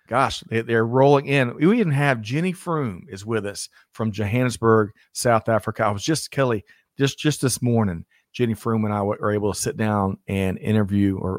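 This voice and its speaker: A man's voice: on the low side, dry recording, clean studio sound. A man co-hosting a business livestream, greeting viewers by name with upbeat, joking banter. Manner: energetic, reads out viewer names, jokey. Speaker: livestream co-host. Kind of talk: upbeat live show banter.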